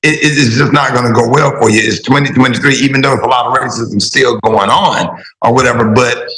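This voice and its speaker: Bright-voiced radio co-host man, roomy. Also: mid-range voice, fairly even intonation, brisk. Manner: loose, conversational, with fillers. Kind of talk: casual radio talk. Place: radio studio.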